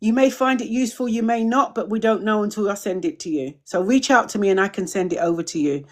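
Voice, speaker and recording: A woman's voice: medium pitch, fast talker. A middle-aged woman hosting a live-streamed community drop-in, chatting casually, welcoming viewers and answering their questions with repeated phrases.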